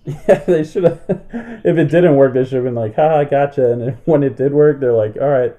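A man's voice: mid-range voice, moderate pace, warm tone, dull audio. A man co-hosting a casual podcast, joking and laughing often. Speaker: podcast co-host. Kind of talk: casual chat.

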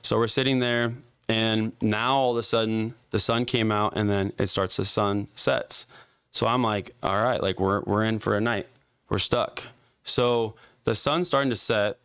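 Low-voiced young man telling a wild story. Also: unhurried, clean tone, dry recording, clean studio sound. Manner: profane, animated storyteller with many "like" fillers. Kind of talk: casual podcast storytelling.

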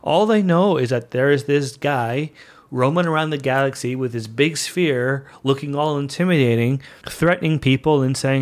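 An excitable man hosts a fan podcast in a chatty, playful monologue. His voice sits at an ordinary middle pitch for a man, and he rushes along with obvious enthusiasm. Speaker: podcast host.

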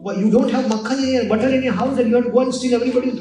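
A man's voice: very high-pitched, steady tone, rapid-fire, dark tone, recorded from a distance, voice pushed up. A man voicing a mother who scolds her mischievous son. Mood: scolding. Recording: echoey hall, voice off mic, faint music.

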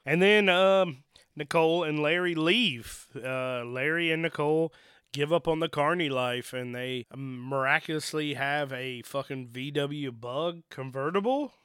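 A man's voice: fairly high pitch, a little slow, fairly bright tone, smooth, no room sound, clean studio sound. A man co-hosting a podcast, casually and jokingly recapping a horror movie with some swearing. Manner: amused, joking, profane. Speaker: podcast co-host.

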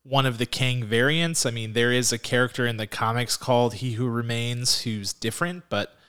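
A man's voice: medium pitch, steady tone, normal speed, fairly bright tone, clear, resonant tone. A man co-hosting a podcast, eagerly explaining comic-book background in casual chat. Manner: eager, fan-knowledgeable explainer. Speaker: podcast co-host.

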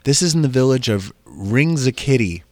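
A man hosting a comedy podcast, telling bawdy stories in a lively, animated way with frequent laughs. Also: medium pitch, normal speed, no room sound. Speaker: podcast host. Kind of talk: casual comedic chat.

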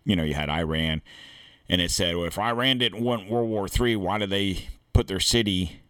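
Blunt, deep-voiced American man ranting. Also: normal speed, fairly bright tone, clear, resonant tone, dry recording, clean studio sound. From United States. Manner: reads aloud then breaks into blunt, profane asides. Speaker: podcast host. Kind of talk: opinionated commentary reading an article.

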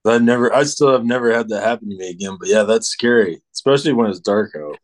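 A man's voice: lowish voice, fast talker. A man telling a story with his hunting buddies in casual chat, rambling with lots of restarts. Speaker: hunting buddy.

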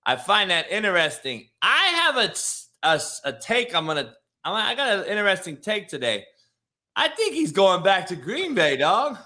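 A man's voice: sits high, sing-song, moderate pace, bright, forceful tone. A man hosting a casual sports talk show, loose and profane, with lots of restarts. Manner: loose, profane, restarts a lot, says "dog". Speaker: podcast host.

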